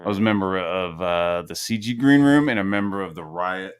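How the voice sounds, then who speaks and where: A man's voice: low voice, brisk, clear, resonant tone. A young man hosting a podcast, telling rambling stories in casual, profane chat and quoting himself along the way. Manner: profane, rambling storyteller who quotes himself. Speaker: podcast host.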